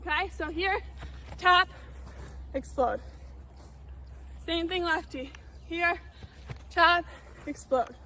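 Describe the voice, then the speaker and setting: Very high, bright-voiced woman coaching outdoors. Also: measured pace, long pauses, a little hiss or hum. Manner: explains while moving, checks in with "okay?" often. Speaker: lacrosse coach. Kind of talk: instructional drill demonstration. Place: outdoor field with cones.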